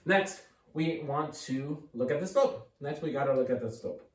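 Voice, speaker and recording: A man's voice: medium pitch, lively intonation, normal speed. A man giving a casual, upbeat math lesson at a board, thinking aloud and encouraging the viewer. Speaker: math tutor. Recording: echoey room, mic at a distance.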